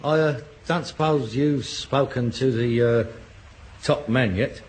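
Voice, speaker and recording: A man's voice: medium pitch, slow. A man in a British radio sitcom, playing a sarcastic, exasperated grown son who mocks his father.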